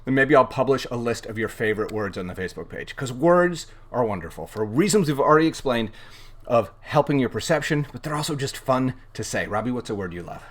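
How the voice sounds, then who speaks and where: Man, playful co-host, theatrical, lively swooping pitch, loves big words. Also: a little fast. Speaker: co-host and picture book author. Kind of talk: playful live-stream chat.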